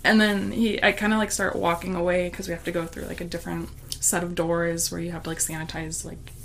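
A woman's voice: lowish voice, level tone, a little fast, background noise. A woman telling a story in casual chat, talking loosely with lots of fillers and laughing as she goes.

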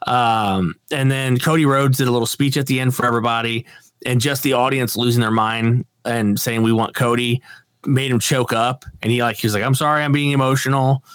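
A man's voice: medium pitch, fairly even intonation, a little fast, fairly bright tone, no echo, studio quality. A man co-hosting a podcast in casual chat, laid-back and swearing casually, laughing often. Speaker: podcast co-host.

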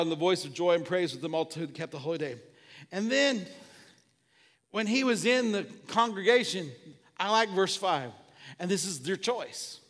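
A male pastor preaching a sermon with passion, repeating refrains and building up to shouts. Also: high voice, in a large hall. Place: church sanctuary.

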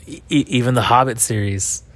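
A man's voice: mid-range voice, fairly quick, a bit bright. A man co-hosting a casual podcast chat with his wife, playful and teasing, laughing often. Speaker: podcast co-host.

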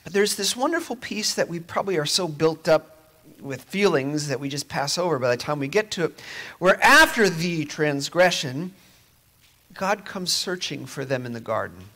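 Guy preaching a sermon to his church, a bit higher voice, talks like he's chatting, sometimes goes almost to a whisper. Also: sing-song, normal speed. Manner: conversational, moving between quiet near-whispers and emphatic rises.

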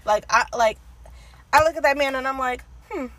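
Gushy podcast girl, kinda high voice, says like a ton, just chatting. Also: a little fast, fairly bright tone, dry recording, low-quality recording. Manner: gushing, filler-heavy with lots of "like". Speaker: podcast co-host. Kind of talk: casual chat.

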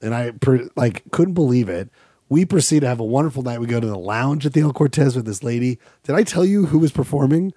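A man's voice: medium pitch, fairly quick, dry recording, studio quality. A young man from Salt Lake City, telling stories in a casual podcast chat and acting out quotes. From Salt Lake City, Utah. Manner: animated, acts out quotes in put-on voices, laughs often. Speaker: podcast co-host.

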